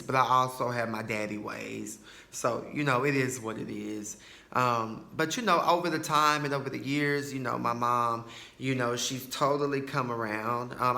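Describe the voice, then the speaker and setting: A man's voice: mid-range voice, sharp tone, echoey room. A man, hosting a podcast and telling a personal story in a chatty way, full of fillers and asides. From Tyler, Texas. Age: 20s. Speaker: podcast host.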